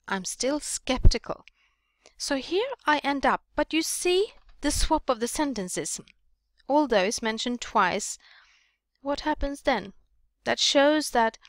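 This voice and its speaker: Casting note: Swedish-accented woman teacher, fairly high voice, dry close sound, explanatory delivery. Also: no echo. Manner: explanatory, reads example sentences aloud with emphasis. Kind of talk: recorded lesson on writing.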